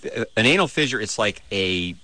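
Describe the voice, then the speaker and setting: A man on a radio show calmly explaining a medical question to a caller, reassuring her with plain analogies. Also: fairly low pitch, moderate pace. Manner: calm, reassuring, reaching for analogies.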